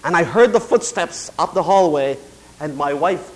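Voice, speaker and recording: A middle-aged man preaching a sermon in a notably high voice. He talks in a quiet, confiding way when telling a story, then slows down to stress each phrase as he proclaims. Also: animated, low-quality recording. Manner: swings from quiet confiding to slow emphatic declaration. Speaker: pastor.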